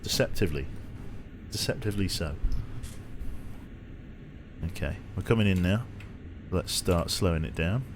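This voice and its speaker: A man's voice: sits low, expressive, a little slow, long pauses, background noise. An English man streaming a train simulator game, joking dryly and reading viewer chat aloud. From England. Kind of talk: casual live-stream chat.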